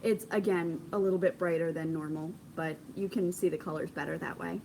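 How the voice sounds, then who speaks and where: A woman's voice: lowish voice, fairly quick, vocal fry, poor audio. Casting: young woman, home knitting vlogger, bubbly and rambling, light hiss on the track. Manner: gushing, chatty, many ums, bursts of excitement. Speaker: knitting podcast host. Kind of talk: casual chat. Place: home craft corner, indoors.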